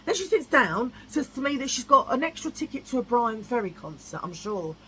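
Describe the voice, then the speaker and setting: A woman vlogger talks in a blunt, chatty way, with a voice pitched a little high. She often repeats herself for emphasis. Faint hiss sits in the background. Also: sing-song, a little fast, a bit bright, rough recording. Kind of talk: casual chat.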